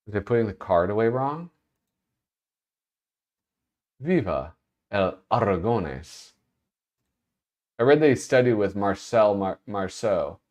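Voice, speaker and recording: A man hosts a casual livestream in a slow, unhurried way. His voice sits fairly low but rises and falls widely. He rambles, restarts his sentences and laughs in the middle of them. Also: a little mellow. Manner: rambling, self-interrupting, laughs while talking. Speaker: host.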